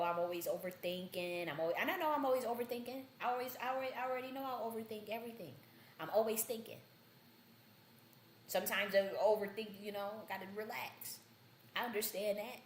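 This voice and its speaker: A woman's voice: medium pitch, echoey room, a little hiss or hum. A woman hosting a livestream, talking in a blunt, profane, rambling way with many restarts. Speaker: livestream host.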